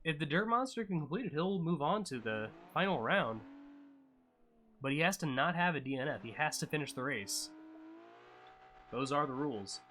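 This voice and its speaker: Bright-voiced guy chatting over a streamed sim race, offhand, yelps at wrecks, faint engine hum behind. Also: on the high side, normal speed, pauses often. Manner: chatty and offhand, jumps to excited yelps at crashes. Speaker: streamer commentating a racing sim. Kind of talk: casual live-stream race commentary.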